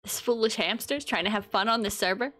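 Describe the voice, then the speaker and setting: A woman streamer hosting a casual gameplay chat, given to loud swearing exclamations. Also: on the high side, a little fast, dry recording. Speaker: streamer host.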